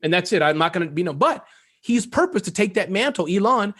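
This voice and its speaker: A man being interviewed as a guest entrepreneur, talking fast and animated and joking as he goes. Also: high voice. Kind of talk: casual interview talk.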